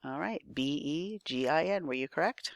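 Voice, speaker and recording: A woman's voice: low-pitched, animated, moderate pace, gravelly, dry recording, clean studio sound. A woman teacher giving a recorded spelling lesson, thinking aloud patiently and checking in with her students.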